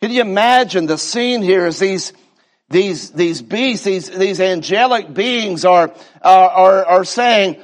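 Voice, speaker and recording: A man preaching a sermon with fervor, drawing out his repetitions and stumbling into restarts. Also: high voice. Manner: fervent preaching, slow drawn-out repetitions, stammering restarts.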